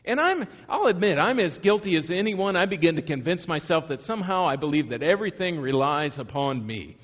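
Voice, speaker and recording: A man's voice: fairly high pitch, big pitch swings, fairly quick. Man preaching a conversational sermon in a reverberant hall. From Northwest Indiana. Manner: conversational, restarts and rhetorical questions. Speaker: pastor. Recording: dull sound, long hall reverb.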